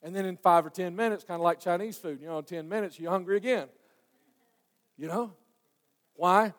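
A man preaching a sermon, folksy and conversational, swinging from hushed asides to loud, fervent passages. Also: sits high, a little fast, long reverb tail. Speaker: pastor.

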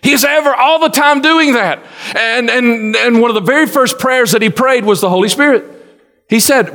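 A man's voice: extremely high pitch, normal speed, bright, forceful tone, big-room sound. A man preaching a sermon in a folksy, conversational way, often restarting his sentences. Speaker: pastor.

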